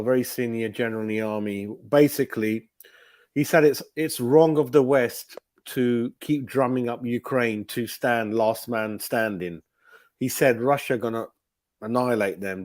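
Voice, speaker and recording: A man co-hosting a casual football watch-along chat, speaking in a measured way with frequent ums. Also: mid-range voice, a little mellow, dry recording. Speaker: watch-along show co-host. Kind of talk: casual banter.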